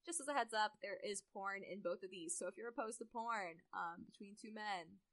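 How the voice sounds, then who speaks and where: A woman's voice: medium pitch, fairly quick, fairly bright tone, no echo, low-quality recording. A young woman co-hosting a casual podcast chat, laughing often and talking with many fillers. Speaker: podcast co-host. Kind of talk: casual chat and reading fanfiction aloud.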